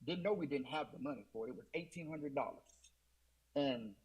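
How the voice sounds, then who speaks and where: A man's voice: medium pitch, brisk, darkish tone, husky, muffled recording. A man as an interview guest, earnestly retelling a personal testimony with many fillers and restarts.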